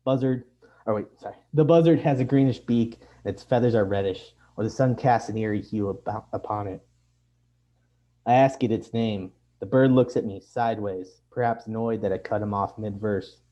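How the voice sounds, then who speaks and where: A man reads his own fiction aloud in a measured, deadpan way. His voice sits low and sounds dark and mellow. The lo-fi recording sounds dull. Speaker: author reading his fiction. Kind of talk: literary reading.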